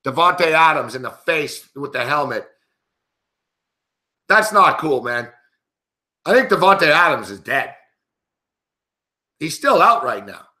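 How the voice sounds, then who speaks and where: A man's voice: fairly high pitch, sing-song, takes it slowly, pauses often, pushed and bright. A man hosting a sports betting show, giving live game commentary in an angry, profane, indignant rant.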